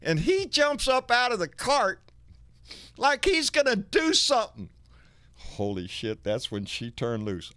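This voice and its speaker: A man hosting a live talk show, telling a story in an animated way and cursing freely. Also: very high voice, unhurried, dry recording. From Texas. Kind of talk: casual chat with a caller.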